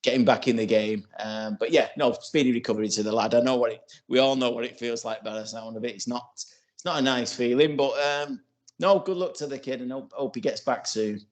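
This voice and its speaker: A man's voice: medium pitch, fairly quick. A man in his forties co-hosting a casual podcast, rambling and filling his talk with "you know" and restarts. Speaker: podcast co-host.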